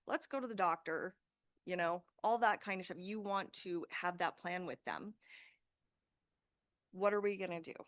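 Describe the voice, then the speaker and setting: Lady in her 30s giving a laid-back talk to a group, lowish voice, lots of um and like, dry close sound. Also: normal speed, pauses often, dry recording. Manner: casual and conversational, frequent fillers. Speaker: safety talk presenter. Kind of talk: informal presentation to a group.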